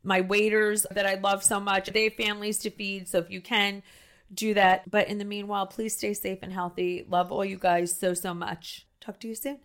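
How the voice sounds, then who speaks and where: A woman with a New Jersey accent hosting a podcast, talking loudly and effusively, with emphatic stresses and frequent restarts. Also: mid-range voice, little pitch movement, moderate pace. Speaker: podcast host. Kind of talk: casual podcast chat.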